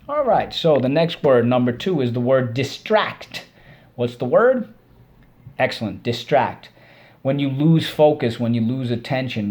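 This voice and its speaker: A man's voice: medium pitch, darkish tone. A male teacher giving an online spelling lesson to children, breaking words into syllables and praising his pupils as he goes.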